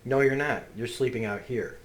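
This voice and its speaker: A man's voice: mid-range voice, normal speed, lightly acted. A man reading as a bitter, taunting father. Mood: scolding. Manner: taunting, contemptuous. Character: bitter, cruel adult father berating his son. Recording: roomy echo.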